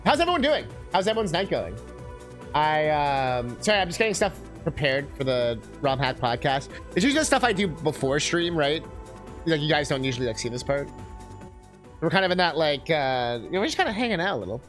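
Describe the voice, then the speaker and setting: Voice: medium pitch, sing-song, fairly quick, soft background music. A streamer giving casual, crude, joking commentary while watching game videos.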